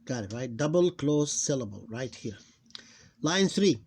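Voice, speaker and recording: A man teaching a phonics lesson, slowly repeating each syllable and stressing it loudly. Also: medium pitch, animated, slightly rough. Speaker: Arabic teacher.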